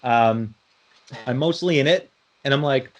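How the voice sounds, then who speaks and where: A man's voice: mid-range voice, measured pace, a little hiss or hum. A young man hosting a casual podcast, telling a long story with lots of restarts and swearing. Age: young adult. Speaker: podcast host. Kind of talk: casual chat.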